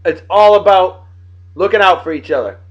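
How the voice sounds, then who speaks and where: Man, late 30s, beer vlog host; boisterous and self-hyping, slightly high voice. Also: moderate pace, highs cut off. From Martha's Vineyard, Massachusetts. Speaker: host of a beer-of-the-day show. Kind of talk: casual beer-tasting vlog.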